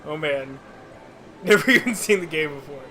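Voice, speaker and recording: A man's voice: fairly high pitch, moderate pace, bright, forceful tone. A man streaming a video game, joking and rambling to his viewers in casual commentary. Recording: game music playing behind.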